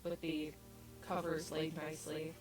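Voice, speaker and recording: Slow-paced woman game master. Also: deep voice, completely flat delivery, soft background music, poor audio. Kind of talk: narrating a tabletop game.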